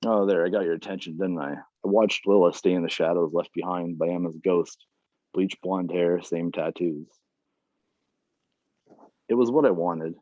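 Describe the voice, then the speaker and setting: A man reading his own fiction aloud at an online reading series, plain and unhurried, with casual asides between chapters. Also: sits low, dark tone, no echo. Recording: dull, dry lo-fi sound.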